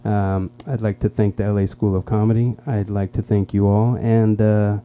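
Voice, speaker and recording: Man telling stand-up stories, mellow voice. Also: level tone, smooth. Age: young adult. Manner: chatty, halting, with restarts and sudden high-pitched impressions. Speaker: stand-up comic. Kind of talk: stand-up storytelling at an open mic. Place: small comedy club stage.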